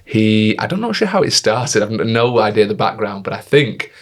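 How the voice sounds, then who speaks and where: A man's voice: fairly low pitch, very animated, normal speed. A man in his thirties, co-hosting a podcast, telling stories in a casual chat and acting out the people he quotes. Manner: chatty storyteller, acts out quoted voices. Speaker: podcast co-host.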